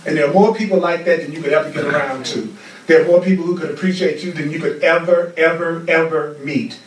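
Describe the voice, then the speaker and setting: A man's voice: a little high, fairly even intonation, fast. A man teaching a spiritual class with a fervent, repetitive preaching cadence. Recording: roomy echo, far from the mic.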